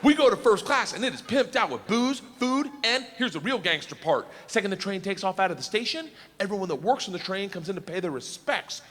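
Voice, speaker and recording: Rowdy stand-up comic in a big hall. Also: male voice, high-pitched, lively intonation, a little fast, hardly any pauses. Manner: loud, rowdy, laughing through punchlines. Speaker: stand-up comedian. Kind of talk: stand-up storytelling. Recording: live show in a hall, audience noise.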